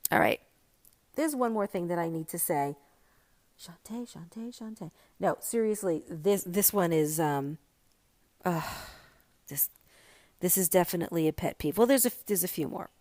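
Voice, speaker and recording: A woman's voice: mid-range voice, no room sound. A middle-aged woman hosting a podcast, chatting casually and animatedly about her pet peeves. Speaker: podcast host. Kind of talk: casual solo podcast chat.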